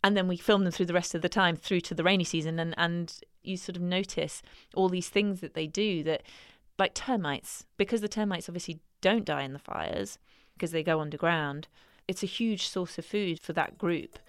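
A woman recounting her fieldwork with a lower, steady voice. She tells it as a lively story and jumps up in pitch when acting out quoted lines. Her delivery is casual and animated. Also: normal speed, hardly any pauses, smooth, no echo. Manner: animated, acts out quotes in a higher voice. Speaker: wildlife filmmaker interviewee. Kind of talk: conversational storytelling.

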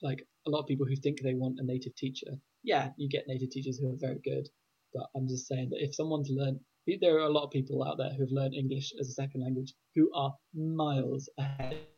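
A man in a podcast chat, laying out his view step by step. His voice is husky and very even in pitch. The sound is dull and muffled, like a lo-fi recording. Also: a little fast. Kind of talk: casual chat.

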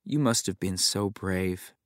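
A man's voice: sits low, measured pace, dry recording, clean studio sound. A man reading a story voices a confident, commanding woman who dotes on a hurt child, with a Texan drawl. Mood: doting. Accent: Texan drawl put on. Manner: warm teasing and emphatic. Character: glamorous confident woman aunt, commanding and doting.

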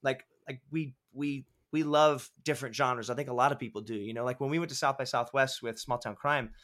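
A man on a podcast telling animated, profanity-laced stories about making films, acting out what people said. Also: medium pitch, brisk. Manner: animated, swears often, acts out quotes. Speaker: filmmaker guest. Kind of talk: casual podcast storytelling.

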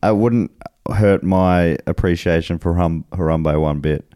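Deep, warm, and unhurried, this Australian podcast host's voice carries a relaxed, chatty feel. He laughs easily while reading listener messages aloud. The sound is clean studio audio with no echo.

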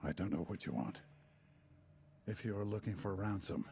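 An actor playing a cold, menacing father who calmly threatens kidnappers, in a clip played back from a film. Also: slight background noise. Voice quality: low gravelly measured.

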